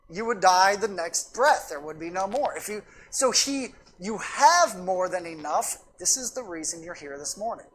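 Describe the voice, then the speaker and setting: A woman's voice: mid-range voice, fairly bright tone, breathy edge. A woman pastor preaching a sermon in a church, emphatic and repetitive, weaving in anecdotes. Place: church sanctuary.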